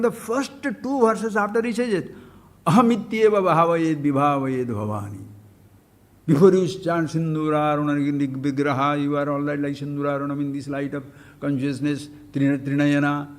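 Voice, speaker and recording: A man's voice: fairly high pitch, moderate pace. An older man giving a spiritual discourse, switching between explanation, acted-out dialogue and chanted Sanskrit verses. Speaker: spiritual teacher.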